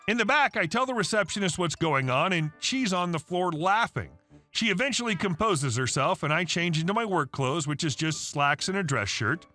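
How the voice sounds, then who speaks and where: A man reading an online story aloud, narrating with animated delivery and changing voices for the characters. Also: a little high, normal speed, faint music behind.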